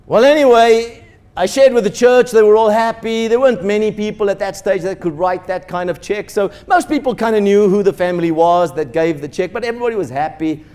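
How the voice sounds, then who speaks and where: A man's voice: high-pitched, fairly quick, darkish tone, clear, resonant tone. A man, a pastor, telling a story in a sermon and acting out the dialogue with animation. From South Africa.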